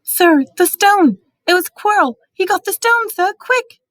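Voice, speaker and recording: A woman voicing a brave young wizard boy who speaks urgently and loudly, in a dry storybook reading. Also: high voice, moderate pace, dry recording, pitched above the performer's own voice, lightly acted. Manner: urgent, shouting.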